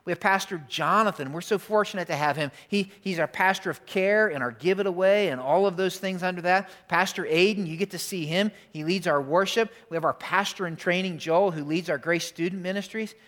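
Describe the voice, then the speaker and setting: A man's voice: high voice, a bit bright. A pastor preaching a sermon in a church, talking conversationally, repeating his key lines and asking the congregation questions. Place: church auditorium.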